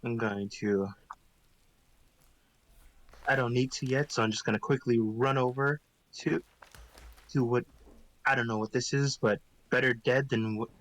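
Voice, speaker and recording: A man's voice: mid-range voice, steady tone, unhurried, pauses often, fairly bright tone, low-quality recording. A man playing a tabletop game, reacting to rolls with casual swearing. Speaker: player.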